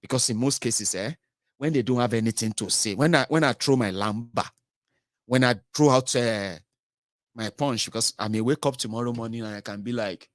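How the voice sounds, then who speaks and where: A middle-aged Nigerian man talks through his political vlog in a sardonic, needling way, slipping pidgin and Yoruba into his speech. His voice sits at an ordinary male pitch. The sound is dry and close, with no room echo. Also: moderate pace. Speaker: political commentator. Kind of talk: casual vlog commentary.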